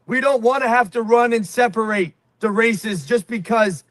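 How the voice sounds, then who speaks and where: A man delivering a rally speech with insistent, declamatory force. His voice is very high for a man and sounds dry, with no room around it. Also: normal speed, a bit bright, no echo. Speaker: protest speaker.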